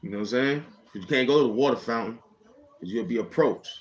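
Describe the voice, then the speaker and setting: A man's voice: mid-range voice, fairly quick, highs cut off, slight background noise. A man casually telling a personal story in rambling street slang, often checking in with "you know what I'm saying".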